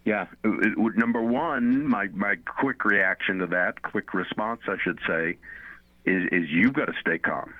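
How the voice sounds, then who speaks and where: This man's voice is lowish and a little slow, with no room sound. He earnestly teaches on a Christian radio show over a phone-like line, repeating phrases for emphasis in a conversational faith talk.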